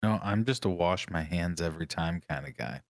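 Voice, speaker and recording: A man's voice: low voice, brisk, no room sound, studio quality. A man co-hosting a podcast, telling stories in a laid-back way, laughing often and answering with short agreements. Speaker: podcast co-host. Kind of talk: casual storytelling banter.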